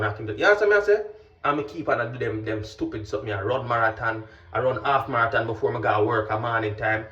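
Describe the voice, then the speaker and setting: A man, a vlogger and pilot telling a story in an animated, casual way and often checking that the listener understands. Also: medium pitch, fast. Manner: animated, keeps asking "you understand?". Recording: roomy, distant, dull with faint music.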